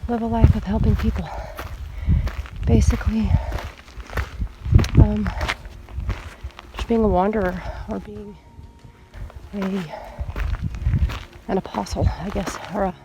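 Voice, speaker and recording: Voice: mid-range voice, flat delivery, takes it slowly, pauses often, dull audio, background noise. A vlogger with a nasal, congested voice, out of breath and rambling casually while hiking outdoors on a mountain trail. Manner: meandering, easygoing, many fillers. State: congested from illness. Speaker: traveling vlogger.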